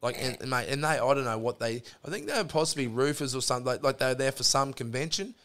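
Swearing Australian bloke spinning yarns. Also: male voice, mid-range voice, lively intonation, fast talker, a bit bright. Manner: rambling, heavy swearing, lots of fillers. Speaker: podcast guest. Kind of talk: casual storytelling chat.

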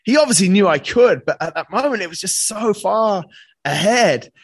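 A man's voice: sits high, animated, normal speed, breathy edge, no echo. A man telling a personal story as a podcast guest, earnest and casual, often saying "mate" and swearing freely.

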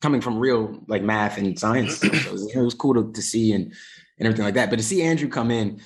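A man's voice: fairly low pitch, a little fast. Laid-back rambling man chatting films. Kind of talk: casual movie discussion.

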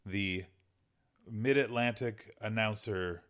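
A man's voice: fairly low pitch, slow, fairly bright tone. A man co-hosting a podcast in casual chat, making wry, jokey asides. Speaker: podcast co-host.

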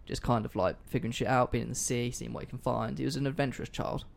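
A man's voice: mid-range voice, fairly even intonation, fast, vocal fry. A man hosting a casual history podcast, telling the story in a loose, sweary, joking way. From not American. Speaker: podcast host.

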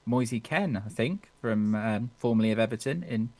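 A man's voice: mid-range voice, lively intonation, moderate pace, darkish tone. A man hosting a casual football podcast, joking with the panel, laughing often and steering the talk between guests. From England. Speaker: podcast host.

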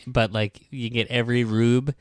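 A man's voice: medium pitch, little pitch movement, normal speed, smooth, no echo. A man co-hosting a comedy podcast, talking in a wry, profane, rambling way. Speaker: podcast co-host. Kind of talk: casual comedic chat.

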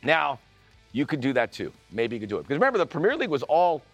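A man co-hosting a casual studio sports podcast, talking with enthusiastic, expressive energy. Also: mid-range voice, quick pace, no echo, soft background music. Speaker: co-host, broadcaster.

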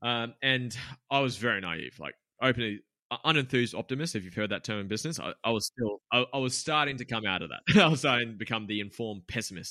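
A man's voice: mid-range voice, expressive, fast, sharp tone, dry recording, clean studio sound. A man, a podcast guest telling a business story in a candid, rambling way, swearing freely and using lots of fillers. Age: 20s.

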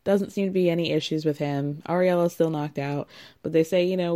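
Young woman gossiping thru a reality show recap, mellow voice, cracks up a lot. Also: deep voice, fairly even intonation, a little fast. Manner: chatty, sarcastic, laughs often. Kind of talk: casual recap commentary.

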